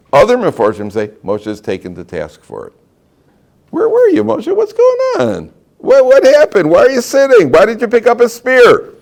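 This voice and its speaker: Lively, animated man teaching a class. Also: lowish voice. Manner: animated, questions the audience, joking asides. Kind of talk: informal Torah class.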